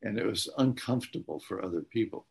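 A low-voiced man with a gravelly, husky edge tells stories as an interview guest. He talks earnestly and haltingly, stopping often as he goes. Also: expressive, a little mellow. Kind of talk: conversational storytelling.

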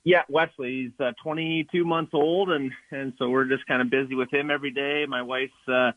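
A man, a pro hockey player, talking as a guest by phone in a relaxed, halting way with many fillers. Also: mid-range voice, no room sound. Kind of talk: phone interview. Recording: muffled dry phone line.

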